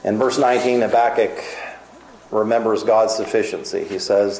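A man preaches with earnest emphasis, slowing to a measured pace on his key points and hurrying through others. His voice sits fairly low. The sound carries a roomy echo. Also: steady tone, a little mellow. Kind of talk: sermon.

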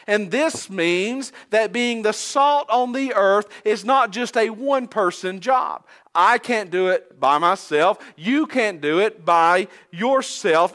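A male preacher delivers a sermon in a high-pitched voice. He speaks slowly and earnestly, leaning on repetition to drive each point home. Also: a bit bright. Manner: earnest, emphatic repetition, occasional restarts.

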